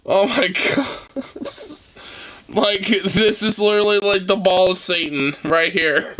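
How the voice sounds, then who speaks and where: A man's voice: sits high, slow pace, sharp tone. A young man in a casual reaction video, laughing helplessly and teary-eyed, swearing between fits of giggles.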